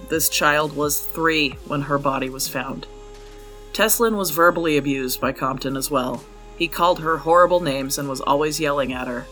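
A man's voice: fairly high pitch, sharp tone. Profane, blunt man narrating true crime. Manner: blunt and profane, openly angry. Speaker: true crime podcast host.

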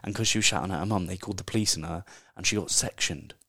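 A man hosts a casual solo podcast in a notably deep voice. He speaks candidly and conversationally, dropping the occasional swear word. His voice is recorded close and dry, with no room sound. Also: rapid-fire, gravelly, sharp tone, no echo. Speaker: podcast host.

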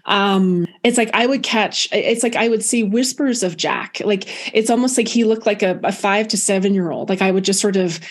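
A middle-aged woman, a guest on a podcast, telling a personal story in an animated, expressive way with many restarts. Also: medium pitch, normal speed, hardly any pauses.

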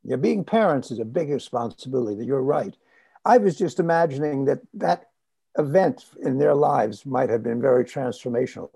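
A male podcast host with a gravelly, husky voice and a dark, mellow tone. He responds in a gentle, reflective and affirming way. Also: medium pitch, lively intonation, normal speed. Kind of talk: casual interview.

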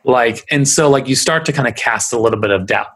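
A man's voice: mid-range voice, brisk, fairly bright tone, slightly rough. A man hosting a video podcast, talking in a loose, chatty way with plenty of fillers. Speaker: podcast host. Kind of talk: casual chat.

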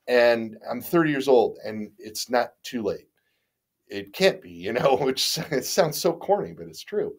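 A man's voice: medium pitch, animated, a little slow. Middle-aged guy rambling thru stories on a podcast, lots of restarts and stammers, self-deprecating, swears a bit. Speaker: guest. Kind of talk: casual interview storytelling.

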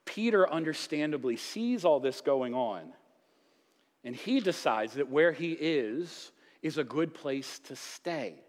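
A man gives a Sunday sermon from the pulpit. His voice swings widely in pitch as he moves from earnest teaching to playful, acted-out asides. A long church reverb hangs behind every phrase. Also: slow pace. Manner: lively preaching with playful asides and acted-out quotes. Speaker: pastor. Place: church sanctuary.

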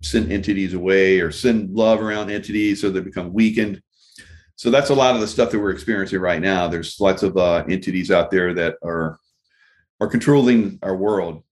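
An older man hosting a casual interview, talking in a measured, reflective way. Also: deep voice. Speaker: host.

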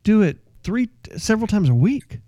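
A man's voice: sits high, very animated, normal speed, warm tone, no room sound, clean studio sound. A man hosting a radio show in casual on-air chat, eagerly prompting his guest with questions.

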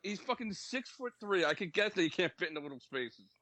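A man's voice: high voice, expressive, brisk, bright, forceful tone, low-quality recording. A man co-hosting a casual podcast, teasing his friends bluntly and swearing often. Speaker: podcast co-host. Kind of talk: casual banter.

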